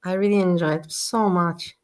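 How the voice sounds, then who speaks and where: A woman's voice: lowish voice, fairly even intonation, normal speed. A woman hosting a stream, adding chatty asides to a guest's story. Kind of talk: casual commentary on a stream.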